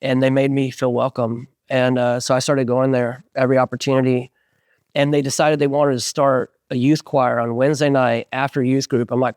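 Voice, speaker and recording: A man in his forties, a band singer, telling stories in an animated way as an interview guest and acting out the voices of people he quotes. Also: medium pitch, normal speed, clear, resonant tone, no room sound, studio quality. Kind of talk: casual storytelling interview.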